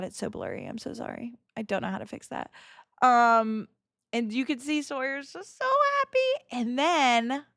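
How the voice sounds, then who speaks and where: A woman in her thirties chatting casually on a livestream, excitable and emotional, swearing freely and laughing often. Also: fairly high pitch, clean tone, no echo, studio quality. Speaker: streamer.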